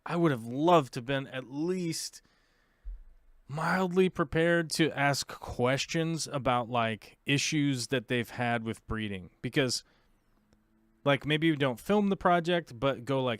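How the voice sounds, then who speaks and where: A man's voice: mid-range voice, expressive, slow, dry recording, studio quality. An American man hosting a live show, talking in a casual, rambling way full of fillers and restarts. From United States. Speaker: host of aquarium livestream.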